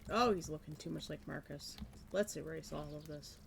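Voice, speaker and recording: Relaxed woman chatting while she draws. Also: low voice, moderate pace, creaky, a little hiss or hum. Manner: musing, self-deprecating, breaks into light laughs. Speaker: streamer. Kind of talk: casual chat while drawing on a live stream.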